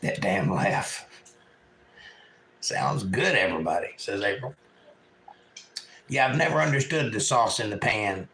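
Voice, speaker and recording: A man's voice: on the low side, expressive, measured pace, pauses often, sharp tone, poor audio. A man from eastern North Carolina with a Southern accent, hosting a casual livestream at home and reading chat messages aloud in a folksy way.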